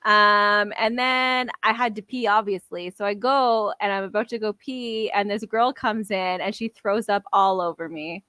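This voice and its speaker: A young woman co-hosting a podcast, telling a party story in a rambling way, full of "like" and quick laughs. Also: mid-range voice, fairly even intonation, pushed and bright, clean tone, no echo. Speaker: podcast co-host. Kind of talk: casual chat.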